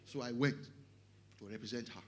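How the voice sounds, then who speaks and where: A middle-aged Nigerian pastor, male, preaches a lively sermon in English with a Yoruba flavor, his voice mid-range and his pace fairly quick. He often shouts, cracks jokes and drifts into Yoruba.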